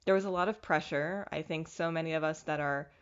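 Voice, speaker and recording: A young woman talks through a casual solo podcast, candid and self-mocking, with a lowish voice. The recording sounds dull and lo-fi. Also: a little fast, smooth. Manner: candid, self-mocking, animated with bursts of laughter. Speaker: podcast host.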